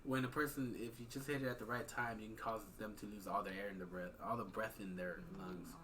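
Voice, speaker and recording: A man's voice: fairly low pitch, steady tone, fairly quick, a bit bright. A man hosting a casual podcast, joking and teasing his guest. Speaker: podcast host. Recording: voice sounds distant from the mic.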